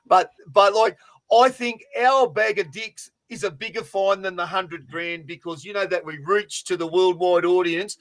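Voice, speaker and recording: A man co-hosting a fantasy sports podcast, telling stories in a loud, sweary, animated way over a remote call. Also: high-pitched, normal speed. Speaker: podcast co-host.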